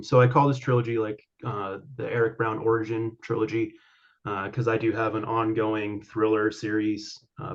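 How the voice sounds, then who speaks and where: Soft-spoken male author with a lo-fi sound. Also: fairly low pitch. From Colorado. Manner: hesitant, many fillers and restarts. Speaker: author guest. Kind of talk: interview answers.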